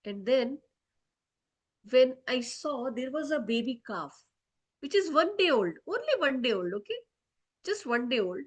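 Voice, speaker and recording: A woman's voice: high-pitched, sing-song, measured pace, pauses often, heavily acted. A woman voicing a one-year-old divine boy who whines to his mother about an injustice, in a storybook telling for children. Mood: whiny. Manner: whiny, complaining, indignant.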